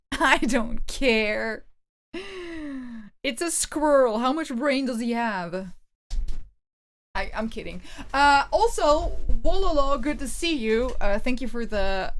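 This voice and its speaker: A woman streaming a game, chatting playfully with her viewers and joking as she plays. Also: fairly high pitch. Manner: playful, chatty, laughs and jokes with chat. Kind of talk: casual live-stream chat.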